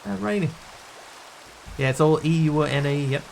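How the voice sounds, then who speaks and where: A man streaming a building game, talking through what he does and answering questions from viewers in a relaxed, casual way. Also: on the high side, normal speed, vocal fry, a little hiss or hum. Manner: thinks aloud while building, answering viewers' chat.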